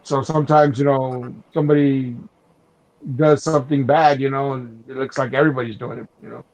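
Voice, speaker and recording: A man's voice: medium pitch, fairly even intonation, a little fast, a little mellow. A man chatting casually on a podcast, telling rambling stories full of restarts and "you know.". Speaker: podcast host. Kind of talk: casual chat. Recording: dull lo-fi sound.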